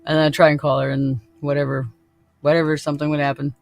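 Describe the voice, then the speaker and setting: A man's voice: on the high side, level tone, fast talker, gravelly, soft background music. A man hosting a podcast in casual chat, laid-back and laughing often, swearing freely. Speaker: podcast host.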